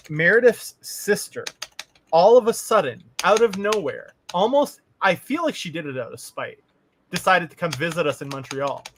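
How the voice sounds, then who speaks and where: Give me a speaker from Canada with a very animated, up-and-down voice, telling crude, rambling anecdotes in a loose podcast chat. A faint noise floor sits under the voice. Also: medium pitch. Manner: profane, storytelling, laughs often. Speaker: podcast co-host. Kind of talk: casual chat.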